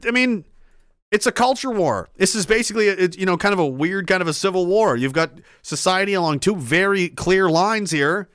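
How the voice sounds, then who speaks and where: High-voiced man on a profane rant. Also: a bit bright, dry recording, studio quality. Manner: heated, profane, emphatic; rambling, with restarts and asides.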